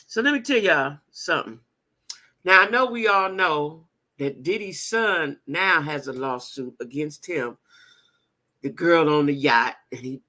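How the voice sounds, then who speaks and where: A woman hosts a casual gossip livestream and speaks directly to her viewers, reading their names from the chat. Her voice is bright and forceful, and her pitch moves all over as she talks. She laughs often and hammers her points home by saying them twice. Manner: chatty, talks straight to viewers and reads chat names aloud; laughs often, repeats lines for emphasis. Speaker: gossip show host.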